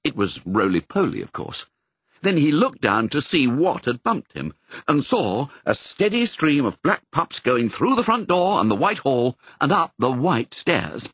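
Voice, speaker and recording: Husky, lively male storybook narrator. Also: medium pitch, unhurried, no echo. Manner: expressive, storytelling. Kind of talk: audiobook reading.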